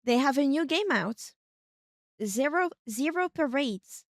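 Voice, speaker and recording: Chatty higher-voiced woman streamer. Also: slow, no room sound, clean studio sound. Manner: rambling, thinks aloud, bursts into excited exclamations. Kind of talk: casual live game-stream chat.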